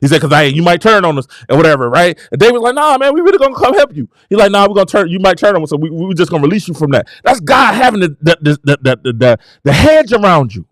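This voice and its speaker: A show host with a high-pitched voice preaches a motivational message fervently, his pitch swinging hugely from low murmurs to bursts of shouting. He is animated and fast with few pauses, recorded close and dry with no room sound.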